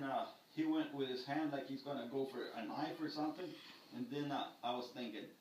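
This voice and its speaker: A man's voice: mid-range voice, a little hiss or hum. Older man telling a story in an echoey room. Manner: animated storyteller acting out the scene. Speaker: karate teacher. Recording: echoey room picked up from a distance.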